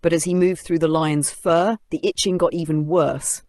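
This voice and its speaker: A storyteller narrating an animated children's story in an expressive way. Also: medium pitch, normal speed, no room sound, clean studio sound.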